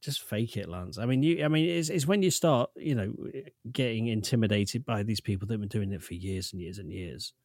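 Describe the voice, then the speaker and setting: A man's voice: on the low side, lively intonation, fairly quick, few pauses, no echo, clean studio sound. A man with a northern English accent, co-hosting a casual podcast chat in a playful, teasing way. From northern England. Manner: playful, teasing, supportive listener. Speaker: podcast co-host.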